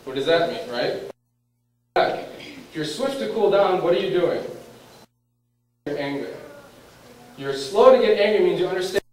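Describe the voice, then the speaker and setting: A man's voice: on the high side, expressive, unhurried, pauses often. A man giving a lecture, quizzing his audience and acting out the thoughts going through someone's head. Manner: questions the audience and acts out inner thoughts. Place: lecture room. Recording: very echoey room, voice far from mic, faint background noise.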